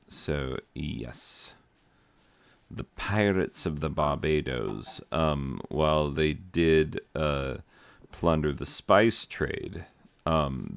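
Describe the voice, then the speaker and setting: Very deep gravelly rambling man. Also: no echo. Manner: meandering, joking, trails off with many fillers. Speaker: teacher making a gaming vlog. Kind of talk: rambling casual gameplay commentary. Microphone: close desk microphone.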